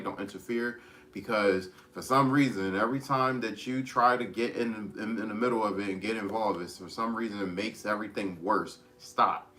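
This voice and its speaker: A man giving a casual tarot reading, rambling with many restarts as he gently advises his listeners. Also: on the low side. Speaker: tarot reader.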